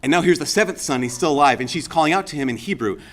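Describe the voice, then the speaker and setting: A man, a Catholic priest, giving a conversational homily as an animated storyteller with casual asides and fillers. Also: a little high, racing.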